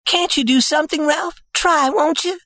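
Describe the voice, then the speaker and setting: Guy doing a young woman in a storybook, high and teasing, dry close sound. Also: moderate pace, bright, forceful tone, no echo. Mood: pleading. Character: young woman in love, playful then pleading.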